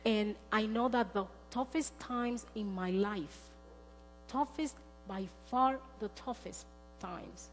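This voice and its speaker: A woman's voice: mid-range voice, a bit bright, a little hiss or hum. A middle-aged woman giving a sermon with a personal testimony, earnest and storytelling in manner. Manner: earnest, storytelling, acts out quoted dialogue. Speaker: speaker. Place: church sanctuary. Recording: long church reverb, faint music.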